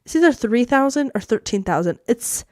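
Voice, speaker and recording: A woman's voice: fairly high pitch, animated, brisk, darkish tone, no echo, studio quality. A teenage girl hosting a podcast, telling a story in a bubbly, chatty way and saying "like" a lot. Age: teens. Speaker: podcast host. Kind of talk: casual storytelling. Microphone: podcast mic that cuts out.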